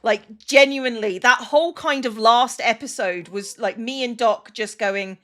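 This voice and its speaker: A woman's voice: fairly high pitch, unhurried, few pauses. A woman, a streamer, chatting casually and emotionally on a livestream. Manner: chatty and emotional, with many restarts and "like" fillers.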